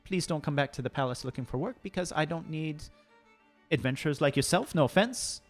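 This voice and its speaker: A man's voice: fairly high pitch, expressive, brisk, faint music behind, natural voice. A man voicing a stern, formal noble lady of the palace, speaking with hesitant fillers.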